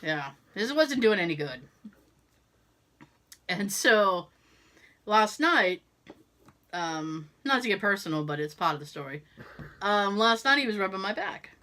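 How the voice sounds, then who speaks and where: A woman's voice: medium pitch, very animated, unhurried, long pauses, sharp tone. A woman co-hosting a podcast, telling a story in casual chat, swearing freely and laughing as she goes. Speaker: podcast co-host.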